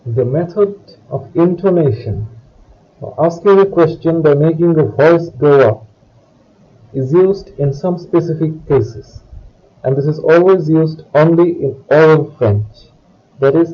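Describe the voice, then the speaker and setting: A man gives a scripted language lesson, speaking very slowly and deliberately. His voice sits a little high. The recording sounds dull and lo-fi. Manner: reads French words and phrases for the listener to repeat. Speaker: French teacher.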